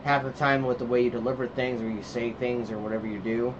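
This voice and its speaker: A podcast co-host rambles through stories about his kids in casual chat, acting out their lines. His medium-pitched voice moves little in pitch and runs at a quick pace, over dull lo-fi sound with faint noise.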